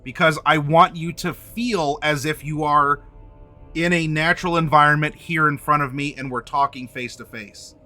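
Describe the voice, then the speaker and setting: A man hosting a game master workshop, talking to camera and addressing the viewer directly in an animated way. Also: fairly high pitch, normal speed, faint music behind. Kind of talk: instructional talk to camera.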